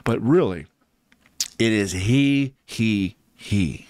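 A man's voice: fairly low pitch, takes it slowly, darkish tone, smooth, dry recording. A man hosting a casual Bible podcast who talks with enthusiasm and a preachy tone and affirms his points again and again. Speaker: podcast host.

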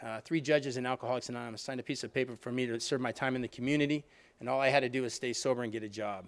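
A middle-aged man speaking fast to an audience as he tells his own recovery story. His delivery is conversational and loose, full of restarts and asides to the listeners. His pitch sits in an ordinary middle range for a man. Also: fairly even intonation. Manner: conversational storytelling, frequent "you know what I mean", restarts. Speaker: alumni reunion speaker.

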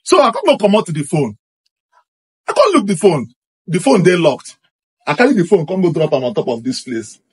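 Nigerian man, husky and fairly high voice, animated first-person storyteller who repeats himself for effect. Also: moderate pace, pauses often. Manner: excited, repetitive, acts out what happened. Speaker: storyteller recounting a personal experience.

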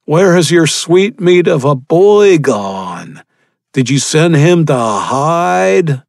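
A man's voice: fairly high pitch, big pitch swings, slow pace, vocal fry, darkish tone, dry recording, studio quality, pitched above the performer's own voice, exaggerated voice. A man doing a taunting cannibal leader. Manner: mocking, gleeful taunting. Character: tall menacing male cannibal leader, taunting.

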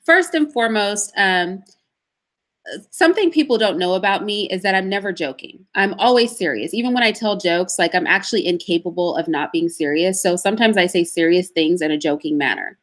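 A woman answering as an interview guest, telling stories in an emphatic, animated way. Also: lowish voice. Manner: emphatic, animated storytelling with pauses.

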